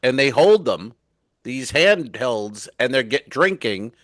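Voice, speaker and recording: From a cruise ship cabin, a middle-aged stand-up comedian co-hosting a podcast spins rambling, profane stories and acts out the people in them in casual comedic chat. His medium-pitched voice is sing-song, slow, and fairly bright on a dry recording.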